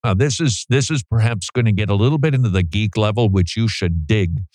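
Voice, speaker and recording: A man's voice: on the low side, fairly quick, darkish tone, dry recording, studio quality. A man hosting a talk radio show, chatting casually with joking, self-deprecating asides.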